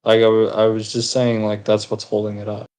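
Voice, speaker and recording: A man's voice: fairly low pitch, completely flat delivery, fairly quick, a little mellow, poor audio. A man chatting casually with friends while gaming, rambling and teasing with casual swearing. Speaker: gaming video co-host.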